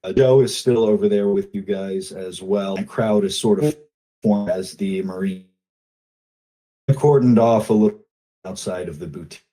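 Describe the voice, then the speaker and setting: A man narrating as game master, in a loose, halting way with many fillers. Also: fairly low pitch, mellow, low-quality recording.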